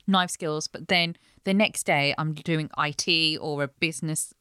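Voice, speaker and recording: A woman's voice: low voice, unhurried, pushed and bright, clean tone, no echo, clean studio sound. A young adult woman, a chef and business owner, chatting earnestly in an interview and explaining at length. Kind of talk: casual interview chat.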